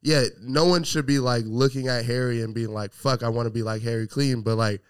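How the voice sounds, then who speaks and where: A man's voice: mid-range voice, steady tone, brisk, clean tone. A man hosting a podcast, talking casually in rambling, filler-heavy sentences full of praise. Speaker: podcast host.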